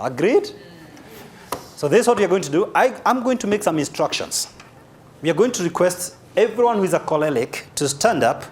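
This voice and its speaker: A motivational speaker, a man with a Kenyan accent and a fairly high pitch, gives a humorous, animated live seminar talk, spelling key words out loud.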